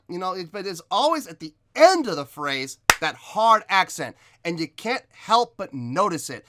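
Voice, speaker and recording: A man's voice: high voice, very animated, normal speed, few pauses, background noise. A man hosting a music reaction video, explaining vocal technique in analytical commentary and sometimes scatting rhythms to show his point.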